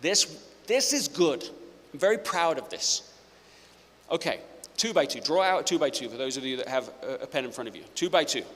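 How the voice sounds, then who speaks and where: A man with a somewhat high voice addresses a live audience in a hall whose long reverb trails after his words. He talks with playful energy, interrupts himself and restarts phrases as he goes. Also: expressive, normal speed, fairly bright tone. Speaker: speaker presenting to a live audience. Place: auditorium with audience.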